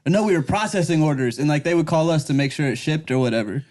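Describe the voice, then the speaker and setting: A man co-hosting a casual podcast in a studio. His voice sits a touch high but sounds warm and mellow. He jokes crudely and laughs often with his friends. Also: fast. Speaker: podcast co-host. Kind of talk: casual chat. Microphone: studio microphone.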